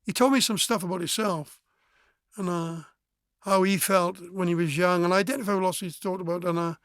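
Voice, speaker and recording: Fast-talking frank man, high voice. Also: fairly even intonation, fairly bright tone, no echo, clean studio sound. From Wales. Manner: frank, blunt, swears, acts out remembered dialogue. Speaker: musician guest. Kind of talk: candid personal storytelling.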